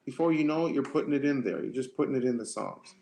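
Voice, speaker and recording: A man coaching singers on a livestream, answering chat questions in a relaxed, conversational way that often repeats itself. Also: medium pitch, fast, creaky. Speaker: vocal coach.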